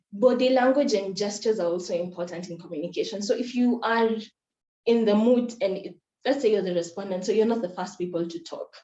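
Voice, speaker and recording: A woman's voice: medium pitch, dark tone. Woman coaching in a roomy, muffled recording. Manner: earnest, instructive, repeats key points. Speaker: moot court presenter. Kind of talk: workshop talk. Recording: roomy, dull lo-fi sound.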